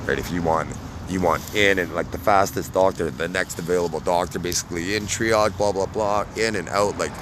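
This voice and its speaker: Very deep-voiced rambling man outdoors. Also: background noise. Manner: rambling and halting, full of fillers and tag questions. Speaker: vlogger. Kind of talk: casual monologue to camera.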